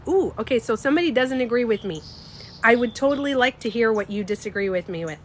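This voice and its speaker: A woman's voice: fairly high pitch, lively intonation, fast talker, slight background noise. A young woman hosting a casual livestream, talking emphatically and answering chat comments. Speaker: livestream host.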